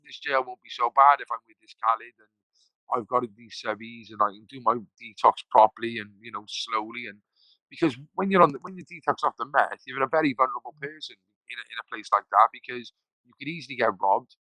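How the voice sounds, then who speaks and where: A man's voice: mid-range voice, quick pace, sharp tone, no room sound, rough recording. A man, a podcast guest telling his story casually, rambling, swearing freely and acting out the voices of people he quotes.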